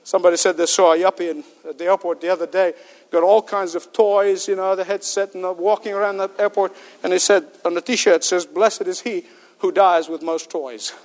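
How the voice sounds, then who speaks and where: A man's voice: high voice, flat delivery, brisk. A male preacher giving an emphatic sermon with rhetorical questions and joking asides. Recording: long hall reverb.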